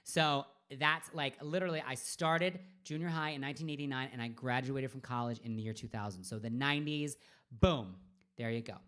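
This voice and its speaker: A woman's voice: rumbling low, a little fast, a bit bright. Rambling woman in her forties. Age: 40s. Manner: rambling, trails off into murmurs and whispers. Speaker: drag performer hosting a live stream. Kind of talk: casual live-stream chat.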